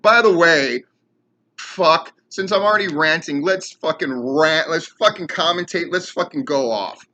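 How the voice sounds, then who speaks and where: A man who hosts his own podcast and commentates wrestling delivers a heated, sarcastic rant packed with swearing. His voice is fairly high and sharp, and he keeps a measured pace.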